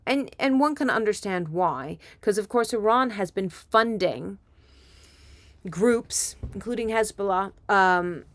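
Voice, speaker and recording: A woman hosting a casual political commentary monologue, rambling and animated, with asides and impressions. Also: medium pitch, dry recording. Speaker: comedian and commentator.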